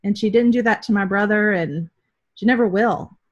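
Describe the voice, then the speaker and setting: A woman's voice: mid-range voice, normal speed, highs cut off. A woman sharing a sincere story about growing up with her mother, speaking on a video call. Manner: sincere and reflective, addresses listeners as y'all. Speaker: daughter and business leader on a video call. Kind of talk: heartfelt testimony.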